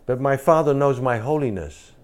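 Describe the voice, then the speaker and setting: A man's voice: medium pitch, lively intonation, normal speed. A man leading an informal spiritual talk, pressing his listeners with repeated questions and emphatic asides. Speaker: spiritual teacher.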